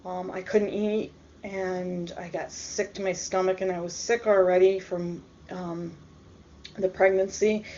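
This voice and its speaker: A woman recounts a personal story in a subdued, halting voice full of pauses and ums. Her tone has a gravelly fry. The recording sounds dull and lo-fi. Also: lowish voice, darkish tone, a little hiss or hum. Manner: hesitant, halting, many ums. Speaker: storyteller vlogger.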